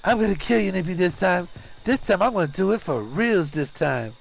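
Brief: loud, profane male game streamer, high voice with big swings. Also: fairly quick, vocal fry. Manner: loud, excitable, profane taunting. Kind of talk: live gaming commentary.

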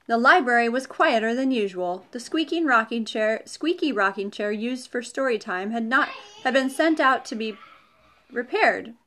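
A woman's voice: a little high, lively intonation, moderate pace, fairly bright tone, slight background noise. A woman reading a children's storybook aloud, with chatty asides to the young listeners.

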